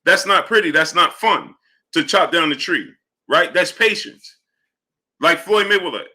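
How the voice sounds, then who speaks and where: A man hosting a live boxing stream, breaking down fights and greeting chat viewers, animated and repeating "right?" and "you understand?" between points. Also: a little slow. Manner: low mumbled shout-outs to viewers. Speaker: livestream host. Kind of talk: live boxing commentary and chat shout-outs.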